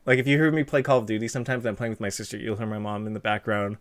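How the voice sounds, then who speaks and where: A man's voice: lowish voice, little pitch movement, very fast. Guy hosting a twitch interview, dad jokes, bit stuffy nose, reads chat. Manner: jokey, self-deprecating, punny. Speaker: interview host reading chat. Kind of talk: casual livestream interview.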